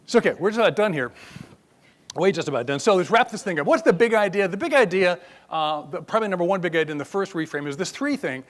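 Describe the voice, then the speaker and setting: Older male keynote speaker, high-pitched, chatty and wry, live on a stage mic. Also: fast. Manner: animated, joking, conversational. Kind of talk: conference keynote. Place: conference hall stage.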